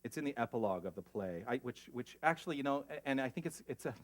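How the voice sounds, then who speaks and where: A man preaching a sermon as spiritual leader, earnest and emotional, moving between hushed reflection and lively asides. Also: mid-range voice, fast talker. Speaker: pastor.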